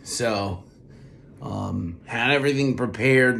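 A podcast host, speaking with a hoarse, strained voice after losing it, ranting in casual political commentary with repeated words. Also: male voice, lowish voice, a little slow, a bit bright, a little hiss or hum. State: lost his voice.

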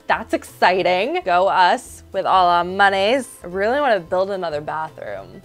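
A woman's voice: lowish voice, animated, normal speed, faint music behind. A young woman hosting a let's-play, chatting in a bubbly way and talking to her game characters. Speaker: gaming channel host.

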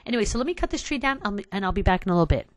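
A woman's voice: medium pitch, expressive, racing, no room sound. A woman hosting a casual let's play, talking to her viewers in an exasperated way and sighing often. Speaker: gaming channel host.

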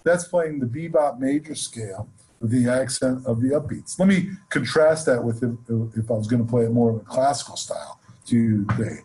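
A man teaching jazz improvisation in a relaxed, conversational way, counting off beats between demonstrations. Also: mid-range voice, moderate pace, breathy edge, low-quality recording. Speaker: jazz music instructor. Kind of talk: explaining and demonstrating on instrument. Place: home studio, online session.

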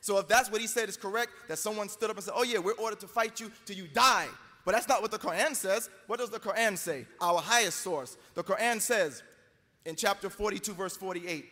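Emphatic high-voiced man debating in a hall. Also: fairly quick, sharp tone. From United States. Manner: emphatic, argumentative, quotes scripture. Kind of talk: live debate speech. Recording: long hall reverb.

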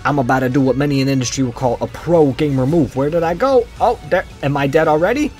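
A young man jokes his way through a match with a slangy, playful delivery. His voice sits a little high. Faint music plays underneath. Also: quick pace, darkish tone. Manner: joking, goofy, slangy trash talk. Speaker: gaming video creator. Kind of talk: comedic gameplay commentary.

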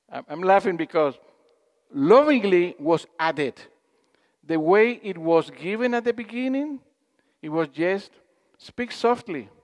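Lively high-voiced man giving a spiritual talk. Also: slow pace, long pauses, big-room sound. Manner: storytelling with questions to the audience, acting out quotes. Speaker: speaker at a spiritual gathering.

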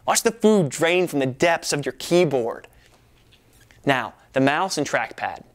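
Goofy man with a lively pitch. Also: a little slow. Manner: goofy, playful, exaggerated. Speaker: presenter. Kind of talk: comedic product demo.

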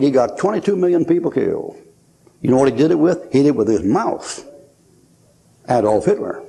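Older male preacher, folksy joker, warm mellow tone, animated pitch. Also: creaky. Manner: folksy, joking storyteller, laughs often. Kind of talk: sermon at a conference.

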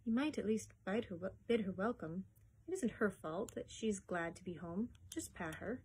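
A woman's voice: medium pitch, lively intonation, moderate pace, a little mellow, husky. A woman reading a storybook aloud and voicing a hopeful young boy who pleads in a rush of words. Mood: soft pleading. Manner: eager, words racing, pleading.

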